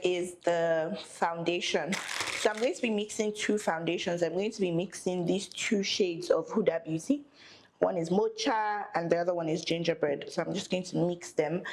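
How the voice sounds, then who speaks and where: Casting: young woman, low voice, chatty get-ready-with-me makeup vlogger. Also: slight background noise, poor audio. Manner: chatty, thinking aloud while applying makeup. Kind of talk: casual get-ready-with-me chat.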